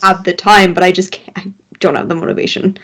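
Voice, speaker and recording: A young woman co-hosting a podcast, telling stories in an animated way and laughing a lot. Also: lowish voice, fairly quick, low-quality recording. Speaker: podcast co-host. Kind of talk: casual chat.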